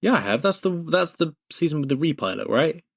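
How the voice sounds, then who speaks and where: A man's voice: fairly high pitch, very animated, fairly quick, gravelly, slightly rough. A young man co-hosting a podcast in casual chat, easygoing, often reading things aloud. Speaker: podcast co-host.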